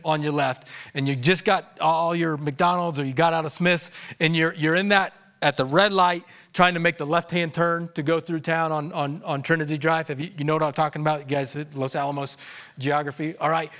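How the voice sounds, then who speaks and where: A male pastor with a high, ringing voice, preaching to a church congregation. He tells animated stories, dropping to a hush and then rising to a shout, and he laughs along with his own stories. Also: normal speed. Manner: animated storytelling, swinging from hushed to shouting. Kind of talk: sermon. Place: church service before a congregation.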